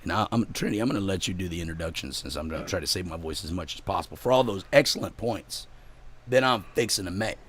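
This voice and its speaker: A man hosting a live talk show, hoarse from losing his voice, with playful laid-back banter. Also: low voice, animated, fast talker, fairly bright tone. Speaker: host. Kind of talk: casual live show chat.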